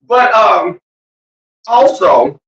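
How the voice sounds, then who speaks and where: This livestream host talks casually to viewers in a loud, profane, teasing way, sometimes shouting and alternately drawling or rushing words. The mid-range voice is sing-song and creaky, captured in a roomy, distant, dull lo-fi recording.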